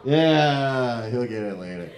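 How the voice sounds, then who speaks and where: A man doing a crude, rambling stand-up comedy set in a comedy club, breaking into loud mock voices. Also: medium pitch, animated, slow. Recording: echoey club room.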